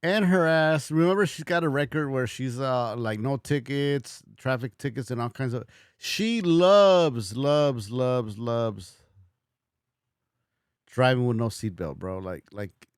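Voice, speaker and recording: A man's voice: mid-range voice, animated, normal speed, few pauses, clean tone, no room sound, clean studio sound. A man hosting a livestream, reacting in casual, slangy, profane talk to his chat. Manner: slangy, profane, says "bro" constantly. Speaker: livestream host.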